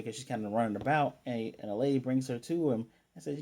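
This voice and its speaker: A man's voice: medium pitch, lively intonation, fairly quick, warm tone. A man casually recapping an anime episode as a reviewer, rambling with lots of fillers and restarts.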